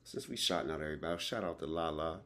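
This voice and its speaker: A man's voice: very deep voice, steady tone, rapid-fire, a bit bright. A man hosting a podcast, talking in a loose, slangy way and telling stories with repeated words. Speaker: podcast host. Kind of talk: casual conversation.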